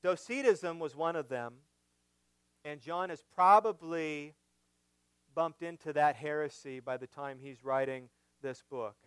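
A man preaching an expository sermon, building to emphatic, louder points as he drives home his argument. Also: fairly high pitch, clean tone, no echo. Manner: slow, emphatic preaching that rises when stressing a point. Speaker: pastor.

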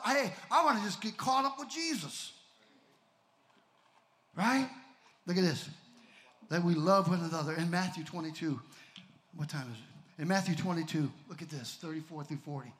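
A man preaching a sermon, swinging from shouts to near whispers and calling out to the congregation. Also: high voice, normal speed.

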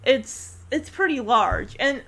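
A woman with a high, bright-sounding voice talks through a TV episode in a relaxed, chatty way. She retells scenes with animation, acting out the characters' lines, and her talk is full of fillers and restarts. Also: slow pace. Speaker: reaction video host. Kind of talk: casual commentary on a TV episode.

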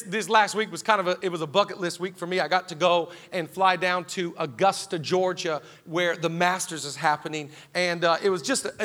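A pastor in his thirties delivers a sermon with a high, bright voice that carries. He tells stories in an animated way, building excitement as he goes. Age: 30s. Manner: animated storytelling with rising excitement. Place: large church hall.

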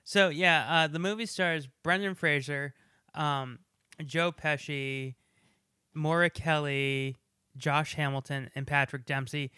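A man's voice: on the high side, fairly even intonation, slow, bright, forceful tone, clean tone, no echo, studio quality. A man co-hosting a casual movie review, chatty and digressive, full of trivia. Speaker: podcast co-host.

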